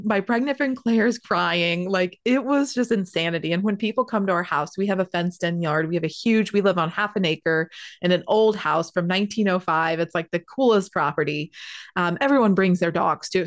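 A woman's voice: medium pitch, no echo, clean studio sound. Chatty pregnant woman with a twang. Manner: chatty, animated, swears freely, says "like" a lot. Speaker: spiritual healer sharing a personal story. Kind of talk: casual storytelling to an audience.

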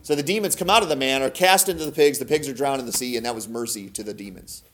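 A man hosting a podcast, giving a casual Bible teaching in a conversational way, asking his listeners questions and swinging between emphatic and soft delivery. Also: mid-range voice, quick pace, slight background noise. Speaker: podcast host teaching scripture.

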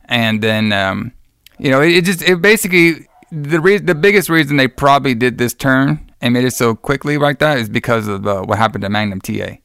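A man co-hosting a podcast, recapping a wrestling show in a rambling, excitable way with lots of fillers. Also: mid-range voice, fairly quick, gravelly, smooth, no echo, studio quality. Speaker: podcast co-host.

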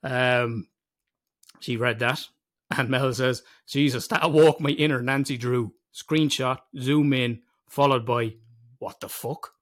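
A man's voice: medium pitch, fairly even intonation, a little slow. A man co-hosting a podcast in casual chat, sweary and teasing, laughing often. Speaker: podcast co-host.

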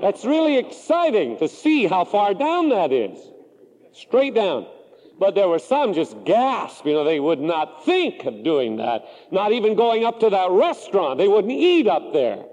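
Preacher, male, Pacific Northwest, high animated delivery, churchy hall echo. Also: measured pace. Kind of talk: sermon.

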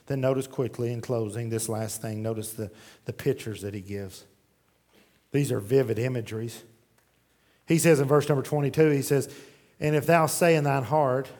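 A man preaching a sermon, swinging from shouted pleas to hushed intensity and reading scripture aloud in old-fashioned phrasing. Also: mid-range voice. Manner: reads scripture aloud in King James phrasing.

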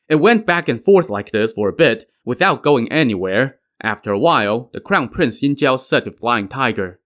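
A man's voice: mid-range voice, lively intonation, normal speed, hardly any pauses, fairly bright tone. Wry male storyteller. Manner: wry, conversational asides. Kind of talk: casual retelling of a classic tale.

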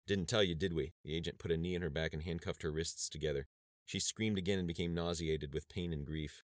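A man narrating an audiobook chapter in a steady, measured reading style. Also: rumbling low, dry recording, clean studio sound. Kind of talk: scripted narration.

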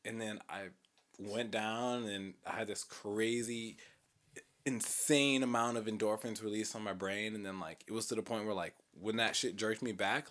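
A man's voice: fairly low pitch, fairly bright tone. A young man telling a long, rambling story among friends, full of swearing and filler words. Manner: rambling, profane, full of "like" and "bro".

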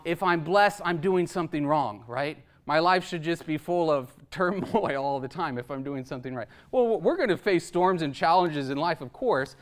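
High, smooth-voiced male preacher. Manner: emphatic, rhetorical, tags points with "right?". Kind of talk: sermon.

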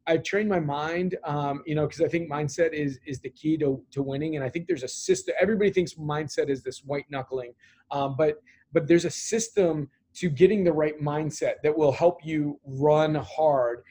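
Earnest man with a fairly high voice. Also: moderate pace, warm tone. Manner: earnest, many fillers and repeated words. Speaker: business owner and interview guest. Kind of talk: conversational interview answer.

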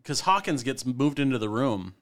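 A man's voice: mid-range voice, lively intonation, normal speed, fairly bright tone. A man co-hosting a podcast, enthusiastically recapping a horror film and swearing freely. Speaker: podcast co-host. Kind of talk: casual movie recap chat.

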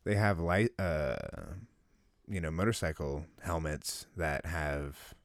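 Low voiced dude rambling on a podcast, lots of uh and you know, swears a bunch. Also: male voice, takes it slowly, dry recording, studio quality. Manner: rambling, loose, swears freely. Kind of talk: casual chat.

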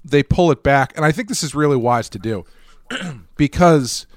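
A man's voice: on the high side, expressive, normal speed, no room sound. A man co-hosting a podcast, chatting casually about a cartoon episode and thinking aloud with restarts and asides. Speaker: podcast co-host.

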